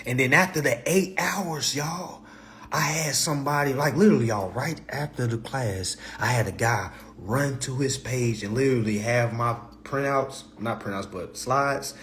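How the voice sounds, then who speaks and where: A man hosting a livestream in a blunt, profane, passionate rant, repeating himself and swinging between loud and low. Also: moderate pace. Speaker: livestream host.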